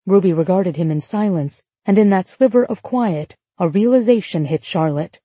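A woman reading an audiobook in a measured, even storytelling manner on a close studio mic. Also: medium pitch, slightly rough, dry recording. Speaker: audiobook narrator. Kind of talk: scripted narration.

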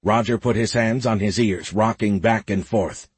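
A man narrating a science fiction audiobook in a steady, measured way. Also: fairly low pitch, slightly rough, dry recording. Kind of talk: scripted narration.

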